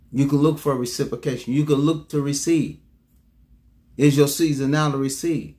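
A man preaching a sermon who repeats his key lines, calls out to the congregation for a response, and makes sudden leaps in pitch for emphasis. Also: a little mellow.

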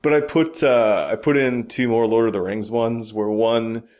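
A man's voice: mid-range voice, steady tone, normal speed, a little mellow. A man co-hosting a podcast, chatting casually about games and movies with blunt, opinionated remarks and casual swearing. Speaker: podcast co-host.

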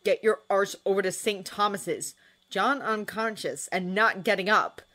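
A woman voicing a harried male police inspector who barks brisk orders. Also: mid-range voice, sharp tone. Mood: urgent.

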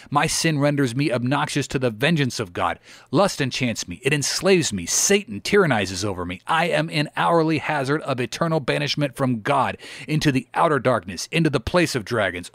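A man's voice: medium pitch, no echo, studio quality. A man giving a dramatic reading of an old sermon, preaching in a solemn, emphatic and pleading way. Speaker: sermon reader.

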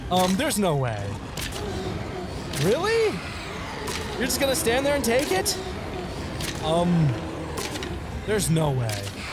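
A man's voice: very high-pitched, big pitch swings, slow, long pauses, very noisy. A man hosting a gaming video, chatting casually over gameplay, playful and giggly as he teases the enemy he is fighting. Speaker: gaming channel host. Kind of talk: casual let's play commentary. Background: game music.

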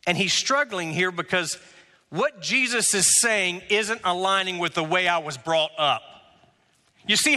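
A man preaching a sermon as pastor, emphatic, with rhetorical questions and drawn-out words. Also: high-pitched, bright, forceful tone, big-room sound. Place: church sanctuary.

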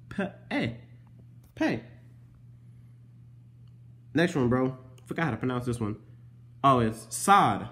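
A young man talks casually through his handwritten notes and keeps calling the listener bro. He spells words out letter by letter. His voice sits in a middle register. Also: medium pitch. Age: young adult. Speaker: vlogger teaching Hebrew letters. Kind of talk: casual show-and-tell explanation.

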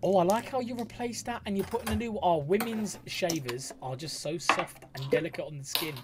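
A man's voice: sits high, brisk, very noisy. A man gushing through cheeky, camp reaction commentary. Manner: camp, cheeky, gasping and squealing. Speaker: reaction video host.

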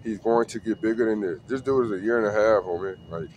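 A man's voice: fairly low pitch, fast talker, a little mellow, a little hiss or hum. A man who breeds dogs, talking casually and slangily to the camera outdoors with his dog. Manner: slangy, laid-back, talks to camera and dog. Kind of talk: casual vlog talk.

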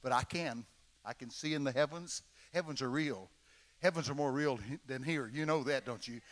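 A man's voice: mid-range voice, moderate pace. A man in his eighties with a Texan accent, preaching a folksy, dramatic storytelling sermon. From Texas, USA. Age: 80s. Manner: folksy, dramatic, acts out voices. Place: large church conference hall. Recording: long reverb of a large hall.

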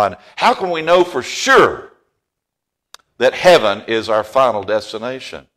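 Folksy preacher, lively pitch. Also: male voice, a little slow. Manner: folksy, jokes with the congregation, swells loud on key phrases. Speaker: pastor. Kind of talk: sermon. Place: church sanctuary.

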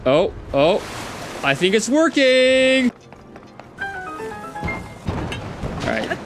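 A man's voice: high voice, huge pitch swings, drawn-out words, pauses often, music in the background. A man streaming a video game, talking in casual, self-amused commentary as he plays.

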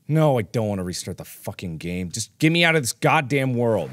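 A young man hosting a gaming video, swearing a lot as he swings from low muttering to angry yelling. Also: big pitch swings, brisk, few pauses. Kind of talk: frustrated let's play commentary.

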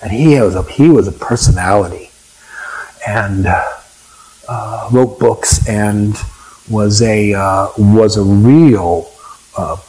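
A man's voice: lowish voice, slow pace, pauses often, dark tone, slightly rough, poor audio. An older man telling rambling, chatty stories to a live audience, full of asides. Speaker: storyteller. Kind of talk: anecdotal talk to a live audience.

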